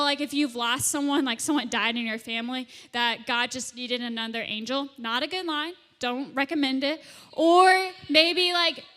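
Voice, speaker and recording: A young woman, a youth leader, gives a chatty, playful talk to middle schoolers in a church youth room, acting out little scenes as she goes. Her voice sits high, pushed and bright, in a reverberant hall.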